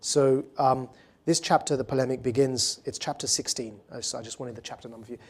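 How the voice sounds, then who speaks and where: An author appearing as a guest speaker at a public talk answers audience questions earnestly and fluently, with quick restarts. His voice is mid-range and steady in tone.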